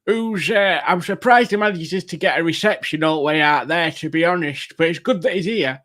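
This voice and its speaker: A man's voice: a little high, moderate pace, a bit bright. A man hosting a casual livestream, rambling and hesitant with many fillers and goofy jokes while greeting the chat. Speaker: livestream host.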